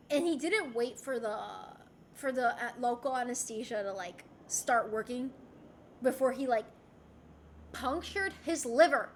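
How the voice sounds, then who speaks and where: A young woman streamer chats candidly with her chat from home, her voice high and a bit bright over slight background noise. She swears freely and rambles, often restarting her sentences.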